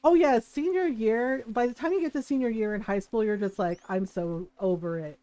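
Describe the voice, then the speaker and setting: On a rough recording with no room sound, a woman with a fairly high, mellow voice and lively intonation talks fairly quickly. As she plays, this livestreamer tells a story casually, laughs a lot, and performs the characters' lines.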